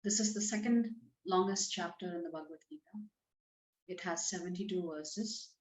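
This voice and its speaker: A woman's voice: fairly low pitch, normal speed, a little mellow. A woman giving a talk on scripture, explaining it conversationally and putting verses into plain everyday words. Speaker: scripture teacher. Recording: roomy, slightly dull recording.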